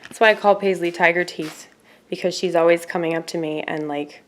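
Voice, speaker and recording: A woman chatting casually on her own video channel, rambling and laughing often, her voice swinging from loud asides to quiet murmurs. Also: on the low side, steady tone, a little fast. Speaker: YouTuber. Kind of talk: casual vlog chat.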